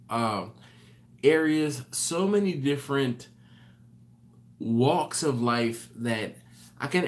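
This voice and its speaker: A man hosting a late-night live stream. He reads out viewer comments in a rambling, tired way, often correcting himself and apologizing. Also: mid-range voice. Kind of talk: casual live chat reading viewer comments.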